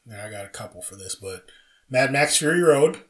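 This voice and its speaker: A man's voice: mid-range voice, lively intonation, brisk. A man co-hosting a podcast, chatting casually and eagerly about movie trivia with frequent restarts. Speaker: podcast co-host. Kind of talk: casual chat.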